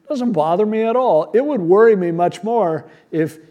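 A man's voice: high-pitched, expressive, moderate pace, muffled recording. A man preaching a sermon as pastor, teaching verse by verse in a conversational, plain-spoken way and asking rhetorical questions.

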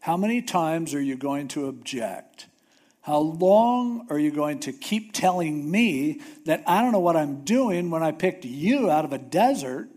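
A preacher voicing an exasperated, sarcastic God. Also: male voice, on the high side, expressive, measured pace, a little mellow. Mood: impatient. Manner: sarcastic, scolding. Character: impatient, exasperated male God.

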